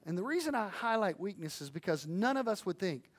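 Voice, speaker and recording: A man preaching a sermon, earnest and animated, swinging between hushed and loud, with folksy storytelling and asides to the audience. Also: high voice, brisk. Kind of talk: sermon on evangelism.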